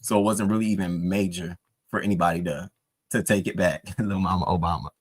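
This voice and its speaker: A man streamer chatting casually over breakfast, telling gossip with swearing and a voice that climbs high when he gets worked up. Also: steady tone, fairly quick, husky. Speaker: streamer recapping live streams.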